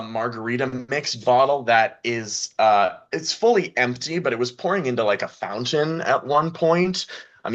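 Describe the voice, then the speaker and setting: A man narrating as game master of a tabletop role-playing game, relaxed and chuckling often. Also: medium pitch, highs cut off.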